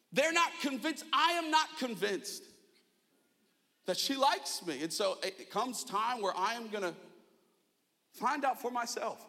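A young man preaching a sermon, telling a funny personal story with self-mocking animation and shouted asides in a church auditorium. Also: high-pitched, animated, normal speed. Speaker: pastor. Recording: long hall reverb.

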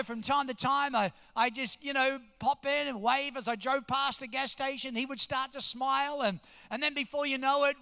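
A man in his fifties, a pastor, telling an animated sermon story and acting out the quotes. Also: very high-pitched. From New Jersey, US. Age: 50s. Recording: long hall reverb.

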